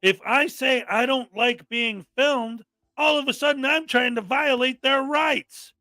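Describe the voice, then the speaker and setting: A man with a very high, sharply bright voice hosts a reaction commentary, exasperated and mocking as he rants. His sound is dry and close, with faint music underneath. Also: measured pace, dry recording. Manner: exasperated, mocking, often mimics people angrily. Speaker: commentary host.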